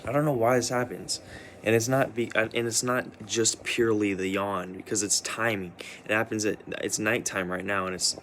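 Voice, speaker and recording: A young man with a fairly low voice talks to camera in a loose, halting vlog ramble. He is worn out from a sleepless night and keeps circling back with fillers and false starts. A faint hiss runs under the recording. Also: steady tone, fairly bright tone. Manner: hesitant, full of restarts and "like". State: tired after staying up all night. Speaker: vlogger.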